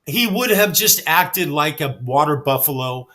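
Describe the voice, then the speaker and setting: A man telling backstage stories in a casual chat, animated and swearing freely. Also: fairly high pitch, unhurried. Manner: animated, acts out quoted dialogue, swears freely. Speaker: guest storyteller.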